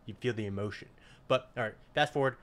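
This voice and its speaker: A man hosting a casual music video reaction, excitable and slangy, often bursting into hyped exclamations. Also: medium pitch, fast. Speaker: reaction channel host. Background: faint music.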